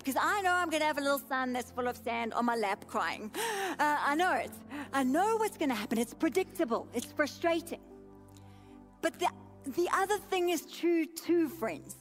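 A woman pastor in her thirties preaching a sermon with an emphatic, repetitive cadence. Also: high-pitched.

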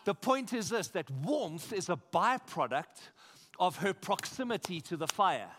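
A South African man preaching a sermon as pastor, emphatic and energetic, repeating phrases and asking the congregation questions. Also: high voice, measured pace, background noise. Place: church.

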